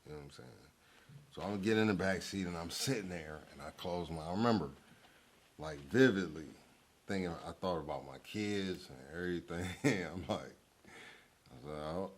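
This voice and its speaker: A man's voice: low voice, moderate pace, slight background noise. A middle-aged man telling a story in a casual, slangy, profane way, acting out the lines of the people in it. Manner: animated, acts out quoted lines, slangy and profane. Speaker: guest telling his life story. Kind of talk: casual storytelling in a therapy-style talk show.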